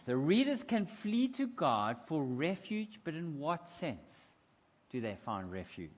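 A man preaching a sermon in a church, emphatic and slowing down to stress key points. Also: medium pitch, big pitch swings. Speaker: pastor. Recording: dull sound in echoey church hall.

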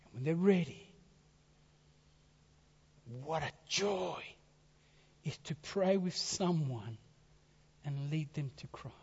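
A man with a high-pitched voice delivers a sermon, swelling to loud emphasis and then dropping to near-whispers. The sound is dull and muffled, carried by a long hall reverb. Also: lively intonation, slow pace, pauses often, breathy edge. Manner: dramatic swings from loud to hushed whispers. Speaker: preacher.

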